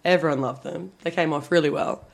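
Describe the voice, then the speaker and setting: A woman with a husky voice co-hosting a podcast, bubbly and laughing often in casual chat. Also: low-pitched, fairly even intonation, brisk. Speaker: podcast co-host.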